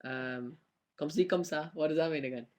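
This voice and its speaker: A man's voice: fairly high pitch, moderate pace, a little mellow. A young man, chatting casually on a live stream and answering fan questions with lots of ums and laughs. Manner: chatty, rambling, laughs often, many ums.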